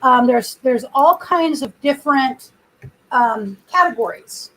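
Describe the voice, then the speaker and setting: Woman streamer, high voice, rambling and chatty, no proper mic. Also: animated, takes it slowly, a bit bright, rough recording. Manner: rambling storyteller, chatty with viewers. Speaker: livestream host. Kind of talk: casual livestream chat. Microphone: computer built-in mic, no external microphone.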